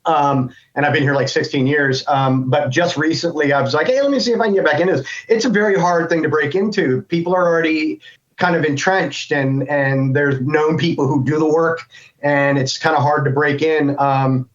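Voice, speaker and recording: This guest voice actor is a middle-aged man from the United States with a fairly high-pitched voice. Chatting casually in an interview, he rambles and restarts often as he thinks out loud, all captured in dull, lo-fi audio.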